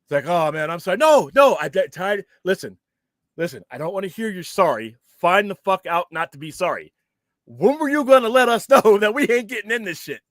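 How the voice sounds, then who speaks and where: A man hosting a casual show, ranting in a heated, profane, animated way. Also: sits high, fairly quick, dry recording, studio quality. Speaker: podcast host.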